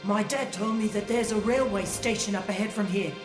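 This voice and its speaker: A man's voice: sits high, brisk, over loud music, natural voice. An actor voicing a timid, eager young boy in a video game cutscene. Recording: game audio in an echoey hall.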